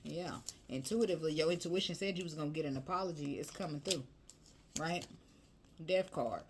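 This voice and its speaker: A woman's voice: low-pitched, fairly quick, noisy background. A woman reading tarot cards in a chatty, emotional, colloquial way. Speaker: tarot reader.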